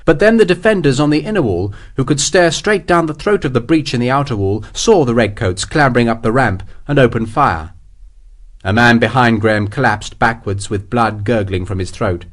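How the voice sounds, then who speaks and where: A man's voice: mid-range voice, normal speed. A man reading an audiobook as its narrator in a dramatic, vivid way. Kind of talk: scripted narration.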